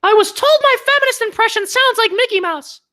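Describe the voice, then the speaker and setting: A man voicing a shrill cartoon feminist woman in a squeaky, mouse-like falsetto. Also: lively intonation, brisk, bright, forceful tone, heavily acted. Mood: mocking.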